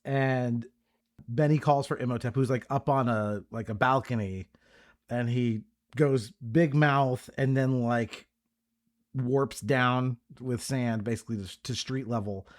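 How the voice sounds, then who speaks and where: A man guesting on a podcast who retells scenes in a loose, easygoing way and leans on fillers. His voice sits at a middle pitch. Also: measured pace. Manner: relaxed recapping, many fillers. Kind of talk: casual movie discussion.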